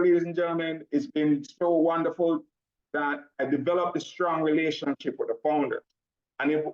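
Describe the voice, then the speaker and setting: A man with a blended Jamaican and American accent delivers an energetic business pitch, talking fast and calling out to his audience. His pitch sits mid-range. The audio is dull and lo-fi. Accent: mixed Jamaican and American. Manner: excited and fast, breaks into laughter, addresses audience directly. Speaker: presenter at a business launch event.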